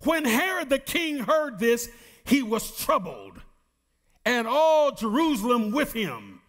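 A middle-aged man preaches a sermon in a high, very lively voice. He takes his time and reads scripture slowly and with emphasis, stopping to put questions to his listeners. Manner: preaching with call-and-response questions to the congregation. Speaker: pastor.

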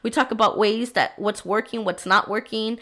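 Earnest young mom, sick voice. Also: female voice, mid-range voice, fairly even intonation, normal speed, pushed and bright. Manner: earnest, frequent "right?" and "like". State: sick, voice affected. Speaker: podcast host. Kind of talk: faith-based motherhood talk.

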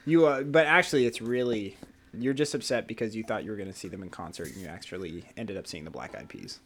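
A man co-hosting a casual podcast chat, animated and profane, laughing often as he talks. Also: on the low side, quick pace, background noise. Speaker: podcast co-host.

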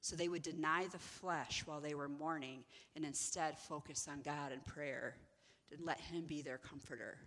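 A woman giving an inspirational teaching talk, animated and acting out the people in her stories. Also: low voice, moderate pace, hardly any pauses, big-room sound. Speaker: ministry executive director.

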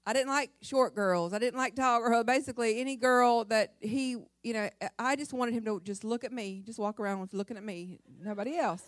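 A woman's voice: on the high side, lively intonation, normal speed, few pauses, no echo, clean studio sound. A middle-aged woman giving a humorous testimony sermon, acting out her own cries and often laughing. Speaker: pastor's wife and speaker.

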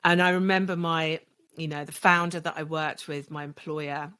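A woman in her forties, a podcast guest telling her own story candidly, her voice dropping soft when she recalls hard moments. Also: deep voice, little pitch movement, normal speed, smooth. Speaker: podcast guest, legal marketer.

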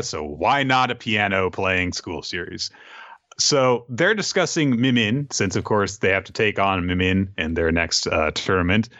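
A man's voice: fairly low pitch, bright, forceful tone, no echo, highs cut off. A man co-hosting a podcast, chatting casually about a manga with a dry, filler-heavy delivery. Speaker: podcast co-host. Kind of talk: casual chat recapping a manga.

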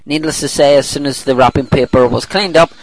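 A man's voice: mid-range voice, brisk, dry recording, low-quality recording. A middle-aged man hosting a podcast in casual chat, reading a listener's email aloud and laughing often as he rambles and corrects himself. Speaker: podcast host.

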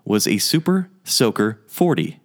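A man's voice: on the low side, very animated, unhurried. A man co-hosting a podcast, chatting casually with joking, playful banter. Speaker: podcast co-host. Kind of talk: casual chat.

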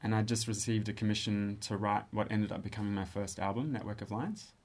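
Sitting in a studio space, an Australian composer and musician in his thirties talks through his work in a relaxed interview. His pitch is fairly low, and his manner is thoughtful and hesitant, marked by frequent pauses and restarts.

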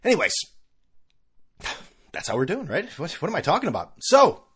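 A man's voice: on the high side, wildly swooping pitch, moderate pace, fairly bright tone, husky. A middle-aged man hosting his own podcast, rambling casually with sarcastic, self-mocking asides. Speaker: podcast host. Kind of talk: casual solo podcast rant.

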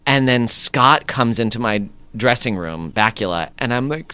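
A man, an actor guest, telling lively anecdotes in a conversation, acting out what people said. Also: medium pitch, moderate pace, smooth. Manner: lively anecdotes with acted-out quotes and laughs. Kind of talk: animated storytelling in conversation.

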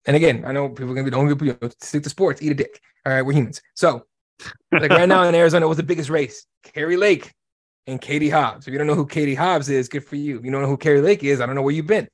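A fast-talking man with a slightly high voice, ranting bluntly and cursing freely. The sound is dry and close, with no room around it. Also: no echo. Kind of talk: casual podcast chat.

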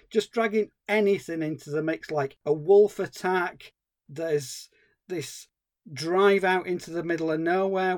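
A man co-hosting a film podcast, ranting in an exasperated, casual review style. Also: on the high side. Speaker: podcast co-host.

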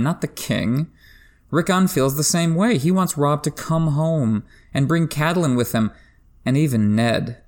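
A man hosting a book discussion podcast, giving enthusiastic literary analysis, pushing his pitch up sharply for emphasis and laughing now and then. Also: creaky. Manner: laughs while talking. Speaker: podcast host.

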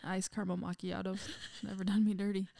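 A woman's voice: mid-range voice, flat delivery, fairly quick, gravelly, dark tone, no room sound. Laid-back teen girl, dry close sound. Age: teens. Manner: laid-back, laughs mid-sentence. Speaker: co-host. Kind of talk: casual chat. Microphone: microphone.

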